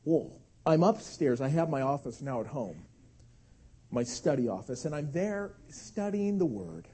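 A man in his thirties preaching a sermon, telling a family story with animated delivery and acted-out shouts. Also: fairly high pitch, a little slow, husky. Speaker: pastor.

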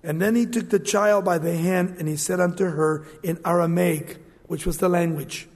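Male preacher, high voice, animated sermon delivery, acts out scenes, big reverberant hall. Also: normal speed.

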